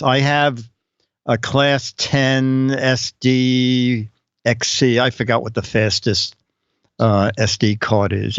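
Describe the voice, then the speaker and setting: A man's voice: mid-range voice, dry recording. A man hosting a live-streamed show, chatting casually and rambling, with frequent laughs. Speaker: show host. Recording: dull lo-fi stream audio with faint music.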